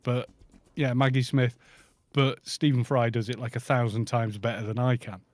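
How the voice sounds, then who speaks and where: A man's voice: mid-range voice, flat delivery, moderate pace, no echo, soft background music. A man with a Scottish accent chatting casually with friends in a game voice chat, rambling and restarting his sentences. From Scotland. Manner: rambling, restarts often, chuckles. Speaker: gamer on a group voice chat.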